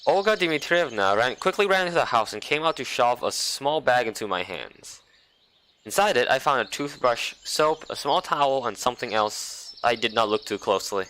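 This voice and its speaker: A man's voice: medium pitch, animated, normal speed, fairly bright tone, slight background noise. A man reading a visual novel aloud as a let's play host, dropping wry, sarcastic asides. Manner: wry, sarcastic, playful commentary.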